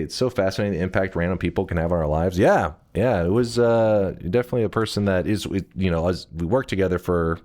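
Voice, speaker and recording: A man's voice: deep voice, a little mellow. A man streaming a game, telling a rambling story casually, swearing and breaking off mid-sentence. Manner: rambling, profane, self-interrupting. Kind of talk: casual storytelling while gaming.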